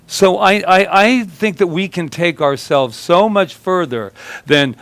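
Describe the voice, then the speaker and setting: A man's voice: high-pitched, unhurried, a bit bright, no room sound. A male minister giving a conversational sermon, telling stories with a humorous, self-deprecating manner.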